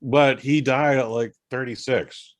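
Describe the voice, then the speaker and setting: Brief: male podcast host, middle-pitched voice, loose rambling film-review chat, swears casually. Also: steady tone, measured pace. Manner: rambling, profane, jokey, many fillers and restarts.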